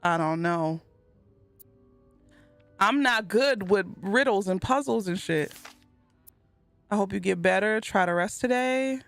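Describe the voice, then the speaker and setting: A woman narrates her gameplay in a smooth, resonant voice with a gravelly fry under it. She reads letters aloud slowly and earnestly, then bursts into giddy squeals. The voice is close and dry, with faint music behind it. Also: medium pitch, expressive, dry recording. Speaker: gaming video host. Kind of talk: let's play commentary, reading in-game letters aloud.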